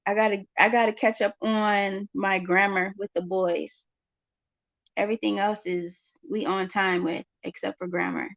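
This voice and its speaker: A woman with a gravelly, fry-edged voice talks casually as a homeschooling mother on her vlog. She circles back to her phrases to drive them home. The sound is dull and lo-fi. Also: medium pitch, fairly even intonation, normal speed. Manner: conversational, repeats phrases for emphasis. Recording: dull lo-fi recording.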